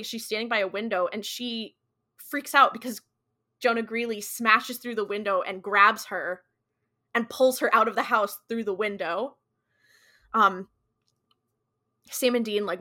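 A young woman talks through a TV episode, quoting the characters as she goes. Her voice is bright and clear, sitting in a middle pitch. She pads her sentences with likes and ums in an easygoing podcast way. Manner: chatty retelling with quoted dialogue, many likes and ums. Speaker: podcast co-host. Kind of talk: casual episode recap.

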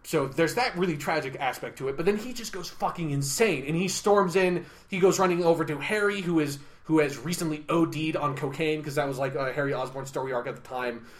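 A man's voice: on the high side, brisk, hardly any pauses. A man co-hosting a podcast, ranting heatedly about a film and swearing often. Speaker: podcast co-host. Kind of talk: casual review chat.

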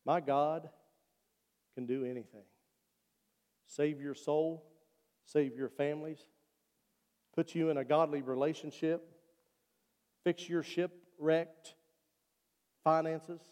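A man's voice: on the high side, fairly even intonation, slow, pauses often, a little mellow. A male pastor preaching a sermon and leading an altar call, earnest and repeating his appeals. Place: church sanctuary. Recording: long church reverb.

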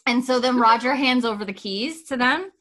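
A woman's voice: on the high side, normal speed, crowd noise. A woman from Canada, a podcast co-host recapping a TV episode in casual chat, laughing often and acting out lines. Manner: chatty, laughs often, acts out quoted lines.

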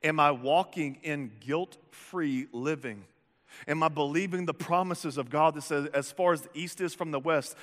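A man preaches from the pulpit with a forceful, bright voice, pitched a bit above average. He tells stories with animation and keeps asking the congregation pointed questions. His words ring out with a long reverb through a church sanctuary. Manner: animated storytelling with rhetorical questions. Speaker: pastor. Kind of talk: sermon.

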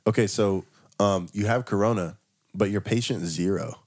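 A man's voice: lowish voice, moderate pace. A man co-hosting a casual podcast chat, laid-back and laughing often, with plenty of swearing. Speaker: podcast co-host.

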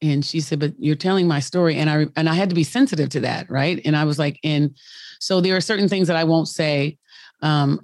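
A radio show host chats candidly about her marriage, telling stories and laughing often in a casual conversation. Her voice is low and creaky, recorded with clean studio sound and no echo.

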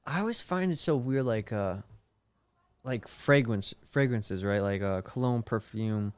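Smooth-voiced young man, casual chat. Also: medium pitch, measured pace, dry recording. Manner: relaxed, fills with "like" and "uh".

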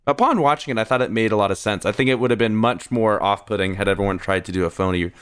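A man's voice: lowish voice, quick pace, clear, resonant tone, no room sound, studio quality. A man co-hosting a podcast, chatting casually with frequent laughs and hedges. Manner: chatty, laughs often, hedging with "like". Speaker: podcast co-host. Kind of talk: casual chat about a film.

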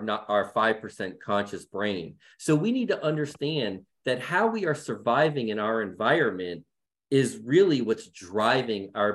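A middle-aged man speaking as a guest in a panel discussion, earnest and emphatic in a conversational way. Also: mid-range voice.

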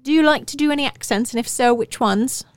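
A woman's voice: high-pitched, quick pace, noisy background. A woman co-hosting a podcast, chatting casually and playfully, often laughing as she asks questions. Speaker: podcast co-host. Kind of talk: casual chat.

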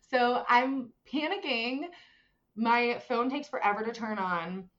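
A woman's voice: a little high, slow pace. Young philly woman telling a story, lots of likes, acts out the quotes, kinda dull muffled audio. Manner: animated, many fillers, acts out voices in quotes. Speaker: guest telling a personal story. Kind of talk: casual storytelling.

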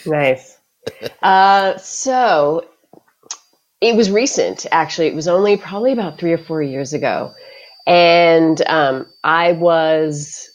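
A woman's voice: sits low, lo-fi sound. A middle-aged woman, a school librarian who teaches mindfulness, chatting casually on a podcast and telling stories with frequent laughs. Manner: animated, laughs often, storytelling.

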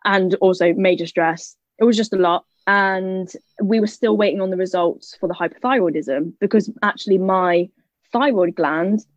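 A young British woman telling a personal story in casual conversation. She is lively and jokey and acts out what other people said. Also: mid-range voice, moderate pace, dry recording. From United Kingdom. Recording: dull, slightly lo-fi, dry sound.

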